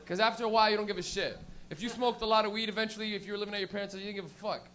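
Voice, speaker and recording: A man's voice: high-pitched, fairly even intonation, racing, fairly bright tone. A young man doing a stand-up comedy set on a club stage, telling stories with profanity and laughing at his own jokes.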